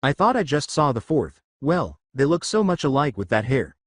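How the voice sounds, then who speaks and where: A man reading the lines of a cheerful, loud boy ninja in a fan story, upbeat and chatty. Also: mid-range voice, sing-song, moderate pace, no room sound, clean studio sound.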